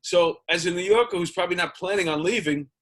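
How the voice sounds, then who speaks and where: A man's voice: high voice, quick pace, a bit bright. A man hosting a casual interview, laid-back and joking, laughing often. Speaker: host.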